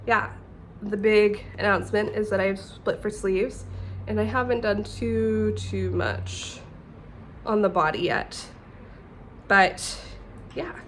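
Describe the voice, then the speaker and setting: A woman's voice: mid-range voice, a bit bright. Young woman from Canada, casual host, chatty, laughs a lot, faint hiss behind. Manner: chatty and self-deprecating, laughs often. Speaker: knitting podcast host. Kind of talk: casual chat.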